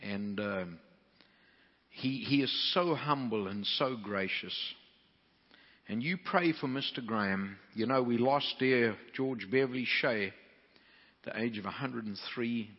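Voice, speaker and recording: A man's voice: medium pitch, slow. Preacher guy telling a homey story, lots of restarts, echoey hall, kinda muffled. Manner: folksy, animated storytelling with many restarts.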